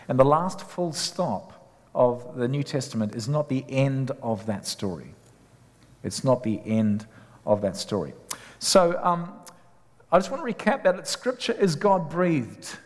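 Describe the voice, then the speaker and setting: A man, a chaplain preaching a sermon in a conversational way, telling personal stories with frequent fillers and restarts. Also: mid-range voice. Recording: long reverb of a large hall.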